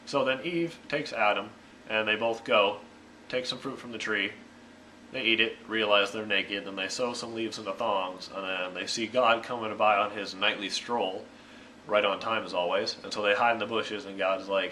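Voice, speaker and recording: A man's voice: on the low side, a little fast, bright, forceful tone, slight background noise, poor audio. A young man reading Bible verses aloud, then explaining them in a jokey, irreverent style full of slang. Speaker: YouTube Bible reader and explainer. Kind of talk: Bible reading and casual comic commentary.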